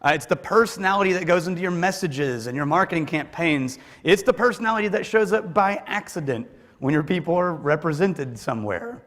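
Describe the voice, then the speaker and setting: A man with a fairly high voice gives a conference talk in a big hall, and his words ring with long reverb. He talks in a joking, conversational way and pokes fun at himself. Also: animated, brisk, few pauses, a bit bright. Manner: joking, conversational, self-deprecating. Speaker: conference speaker. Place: large hall with audience.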